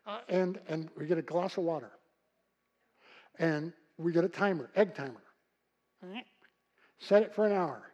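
An older man preaching a sermon with a husky voice, telling folksy stories and swinging from loud calls to hushed, quiet passages. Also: fairly high pitch, unhurried, long pauses, lo-fi sound. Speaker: pastor.

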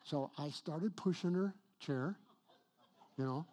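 A middle-aged male pastor preaching a sermon, telling a personal story with a husky voice that swings from hushed to loud and emphatic. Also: fairly high pitch, slow.

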